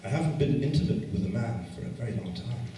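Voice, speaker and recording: A man mimicking a blunt, nosy woman at a dance in a high, mocking voice during a stand-up story. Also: animated, fast talker, mellow, a little hiss or hum, natural voice. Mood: frank. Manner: high-pitched, mocking, matter-of-fact. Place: function hall with an audience. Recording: echoey hall, heard from far off.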